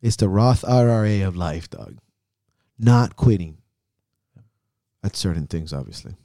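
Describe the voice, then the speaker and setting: A man's voice: sits low, expressive, measured pace, mellow, no echo, studio quality. A man hosting a podcast, giving a heavily profane, intense motivational pep talk in a casual chat. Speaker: podcast host.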